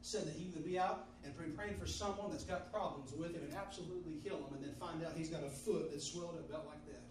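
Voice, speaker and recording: Fervent high-voiced male preacher, echoing hall. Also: fast talker, few pauses. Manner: fervent, repeating phrases, bursts into shouting. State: sweating. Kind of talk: sermon with personal testimony. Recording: echoey hall from far off with background noise.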